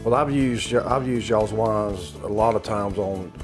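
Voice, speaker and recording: Over background music, a man with a Southern US accent hosts a cooking show, his voice lowish and unhurried. He chats casually but rambles and hesitates, with lots of fillers and restarts.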